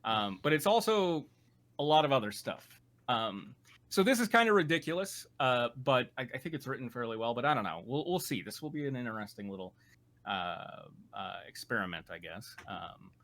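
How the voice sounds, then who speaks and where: A man's voice: medium pitch, animated, normal speed, fairly bright tone. Laughing man reading fan fiction aloud. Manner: laughs often, stumbles over words. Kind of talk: casual group chat and dramatic reading.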